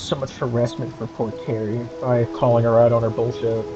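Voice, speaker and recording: A man's voice: medium pitch, level tone, brisk, few pauses, muffled recording, over music. Angry profane man ranting on stream.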